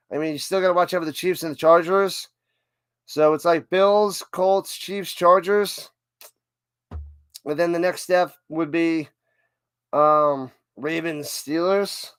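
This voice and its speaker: A man with a fairly high voice rambles through casual football chat on a live stream, often stopping and restarting his sentences. The sound is dry and close, with no room around it. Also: smooth, dry recording. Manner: rambling, self-interrupting, chatty. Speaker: livestream host.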